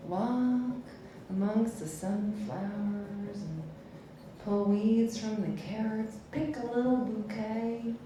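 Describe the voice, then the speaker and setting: A woman voicing a gentle, nurturing female gardener in a soft, slow Southern drawl, on a roomy live theatre recording. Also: medium pitch, slight background noise, lightly acted. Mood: tender coaxing.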